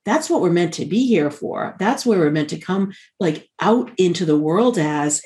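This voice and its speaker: A woman with a fairly low voice speaks as a podcast guest. She talks emphatically, with quick rushes of words. She is heard over a video call. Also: darkish tone. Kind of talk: casual podcast conversation.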